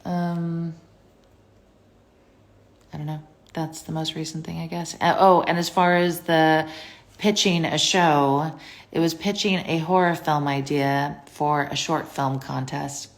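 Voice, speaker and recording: Low, gravelly young woman chatting casually. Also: steady tone, slow pace. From United States. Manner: chatty, rambling, many fillers. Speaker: live stream host answering viewer questions. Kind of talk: casual live stream chat. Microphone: phone.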